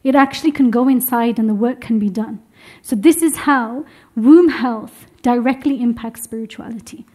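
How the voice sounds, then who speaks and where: A young adult woman teaching womb health to a live group, lively and encouraging, laughing often. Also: a little high, moderate pace, hardly any pauses. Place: room with a seated group.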